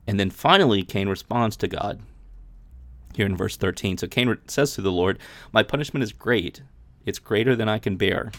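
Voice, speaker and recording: With a lowish, slightly bright voice at a moderate pace and no echo, a man hosts a podcast. He reads passages from the Bible, then talks them through informally, often starting over.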